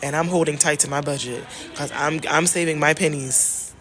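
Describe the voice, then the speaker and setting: A woman from the United States chatting casually in a travel vlog, animated and emphatic, repeating phrases and talking straight to her viewers. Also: low-pitched, normal speed. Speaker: travel vlogger and love coach.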